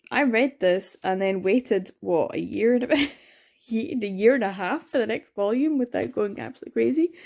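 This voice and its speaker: A young woman chatting excitedly in a late-night reading vlog, sleepy with her words slurring, gasping and laughing as she gushes about a book. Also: mid-range voice. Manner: gushing and excitable, frequent laughs and gasps. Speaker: book vlogger.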